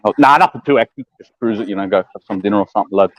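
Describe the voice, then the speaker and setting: A man's voice: lowish voice, very fast, no echo, dull audio. A man joining a livestream call, chatting in a matey way and repeating himself. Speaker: stream guest on a call. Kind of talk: casual chat.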